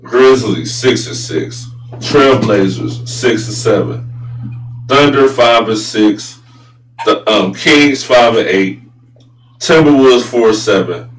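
A man hosting a casual sports talk show, blunt and profane, often turning loud and incredulous. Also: lowish voice, expressive, takes it slowly. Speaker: sports podcast host. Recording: roomy echo, voice a bit far from mic, faint hum.

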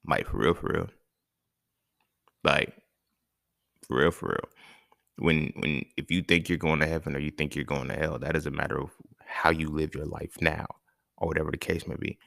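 Male podcast host, very low gravelly voice, blunt profane rant, dry close mic. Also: moderate pace, long pauses, dry recording. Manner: blunt, profane, animated rants with rhetorical questions. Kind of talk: casual solo podcast monologue.

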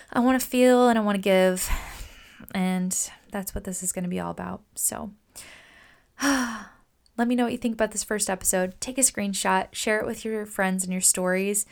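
Upbeat woman podcaster with vocal fry. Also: mid-range voice. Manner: gushing and upbeat, with many fillers like "like" and "oh my gosh". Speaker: podcast host. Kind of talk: casual solo podcast monologue.

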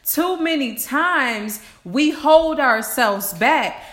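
A woman hosting a podcast, speaking in slow, repeated affirmations and building to emphatic cursing. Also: high voice, expressive, fairly bright tone. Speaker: podcast host. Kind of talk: motivational podcast monologue.

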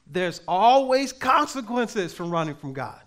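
A man preaching a sermon as pastor, with emphatic delivery that swings between loud and soft and slow readings of scripture. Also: high voice, sing-song. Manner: reads scripture aloud slowly.

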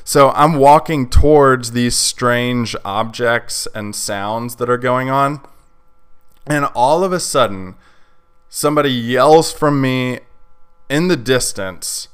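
Podcast host, man, mid pitch, clean resonant voice, casual chatty storyteller. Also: slow pace, a bit bright, smooth. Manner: chatty, lots of fillers like "like" and "you know".

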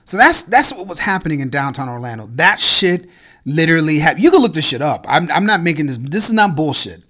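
A man's voice: fairly high pitch, sing-song, a little fast, bright, forceful tone. A man hosting a podcast in casual chat, ranting in a profane, incredulous way about strange news stories. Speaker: podcast host.

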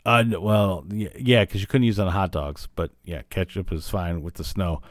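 A man with a lowish voice recaps an old cartoon for his podcast, rambling along with plenty of "uh"s and "like"s. He grew up in Illinois. The sound is dry and close, with almost no room around it. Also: fairly even intonation, normal speed, dry recording. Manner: rambling, filler-heavy retelling. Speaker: podcast host. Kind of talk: casual recap of a cartoon episode.

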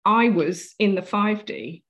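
This interview guest has a medium-pitched, fairly bright voice and talks slowly. Earnest and vivid, she relates her own story and acts out what was said.

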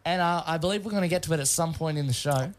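A young man hosting a casual studio show, teasing his co-hosts and drawing out his jokes. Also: a little high. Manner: playful, teasing, drawn-out joke delivery. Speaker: radio show host.

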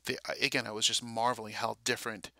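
A man recounting a dream and tying it to scripture, halting with many fillers and restarts. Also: medium pitch, little pitch movement, sharp tone, no echo. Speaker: religious video speaker.

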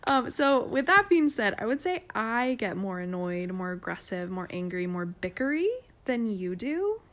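A woman's voice: mid-range voice, big pitch swings, moderate pace, fairly bright tone. A woman in a casual couple's chat, chatty and candid, often laughing as she talks. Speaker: podcast co-host.

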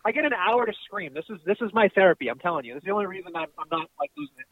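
A man co-hosting a wrestling podcast in casual chat, ranting excitably with profanity, calling in from his car. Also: high-pitched, very fast. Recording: tinny dry phone line.

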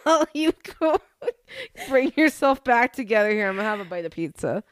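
A woman's voice: on the high side, sing-song, moderate pace, noisy background. A woman co-hosting a podcast, telling a spooky story in casual chat over a video call and breaking into laughter. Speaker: podcast co-host.

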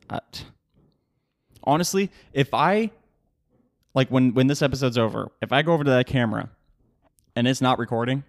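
A man's voice: mid-range voice, normal speed, pauses often, dry recording. A young man talks through a loose solo podcast episode from a home setup, rambling, cursing and laughing at his own tangents. His voice sits in a middle range and comes across close and dry on the microphone. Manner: swearing, laughing, animated rambling. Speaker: podcast host. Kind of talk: casual solo podcast rant.

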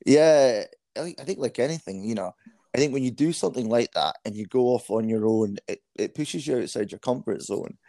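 A man's voice: mid-range voice, expressive, a little fast, dark tone, no echo. A man in his thirties with a Scottish accent, a guest telling frank, self-deprecating stories in a casual interview. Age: 30s.

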